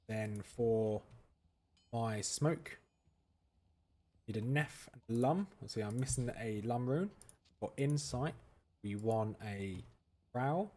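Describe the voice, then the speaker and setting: A man's voice: fairly low pitch, dark tone. A man giving casual commentary as he plays a game, thinking aloud and answering viewers' questions. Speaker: gaming streamer.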